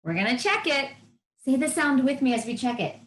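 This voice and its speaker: A woman's voice: sits high, animated, brisk. A woman teaching first grade to young children on a televised lesson, encouraging and sounding out letters in a sing-song way. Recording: roomy echo.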